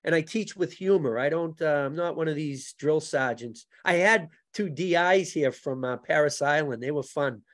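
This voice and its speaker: A man's voice: a little high, normal speed, few pauses. A man who is a martial arts instructor and guest on a podcast, telling joking stories in casual chat and struggling to pronounce his R sounds. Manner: joking, anecdotal.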